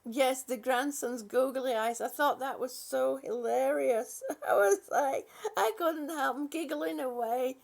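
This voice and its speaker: An older woman chats slowly with her viewers on a live stream and answers their comments one by one. Her voice sits fairly high and has a gravelly rasp. She often stops to restart her sentences. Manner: chatty, warm-hearted, with frequent "um" and restarts. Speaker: channel host.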